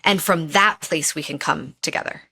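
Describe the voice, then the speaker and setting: A woman's voice: sits low, normal speed, creaky, pushed and bright, slightly rough. A woman guest on a podcast, a relationship expert speaking earnestly and telling personal stories, repeating phrases for emphasis. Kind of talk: casual interview chat.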